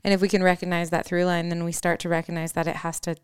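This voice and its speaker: A woman's voice: lowish voice, monotone, fast talker, smooth, no room sound, clean studio sound. A woman with a Midwestern American accent co-hosting a podcast, talking in a thoughtful, affirming way. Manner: affirming, thoughtful, frequent mm-hmms. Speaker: podcast co-host. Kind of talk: reflective casual conversation.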